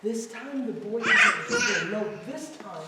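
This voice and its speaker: Playful guy telling a kids' story, highish voice, big echoey mosque hall from far off, kids chiming in. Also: huge pitch swings, unhurried, heavy background noise. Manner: playful, theatrical, mixing jokes into the story. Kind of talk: storytelling to children at a family night. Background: children in the audience calling out.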